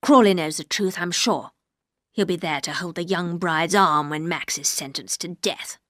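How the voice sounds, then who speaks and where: Woman voicing a bitter sneering man, low voice, dry studio read, storybook. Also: moderate pace, no echo, lightly acted.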